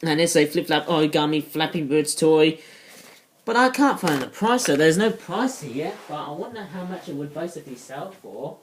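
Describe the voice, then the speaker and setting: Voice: medium pitch, lively intonation, normal speed, a little hiss or hum. A toy reviewer in a casual vlog, rambling off topic with many ums and uhs. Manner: rambling, digressive, many fillers.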